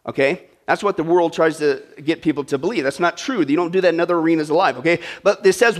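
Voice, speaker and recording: A man's voice: a little high, quick pace, hardly any pauses. A male pastor preaching a sermon in a conversational, joking way, checking in with the congregation with "right?" and "okay?".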